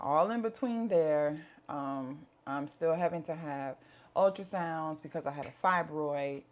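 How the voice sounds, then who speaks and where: A woman, talking candidly to camera at home in a chatty, earnest way with plenty of fillers. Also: sits low. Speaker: vlogger. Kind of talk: candid life-update talk to camera.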